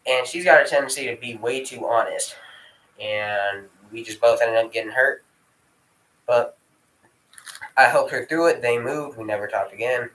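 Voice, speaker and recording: A man's voice: medium pitch, moderate pace, long pauses, fairly bright tone, distant mic, slight background noise. A young man telling a rambling personal story in casual vlog style, swearing freely and breaking off to scold his dog. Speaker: vlogger. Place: room at home with dogs. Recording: echoey room.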